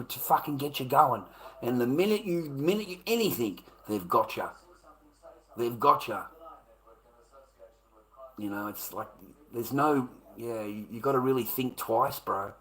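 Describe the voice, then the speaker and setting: A man's voice: mid-range voice, lively intonation, normal speed, low-quality recording. A man ranting casually to his chat, profane and repetitive, calling listeners mate and brother. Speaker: livestream host.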